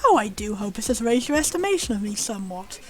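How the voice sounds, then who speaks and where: A woman's voice: a little high, big pitch swings, fast talker, faint music behind, voice pushed down. A British woman voicing a courteous, formal old male monster butler in a video game, with prim, old-fashioned wording. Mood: polite, formal.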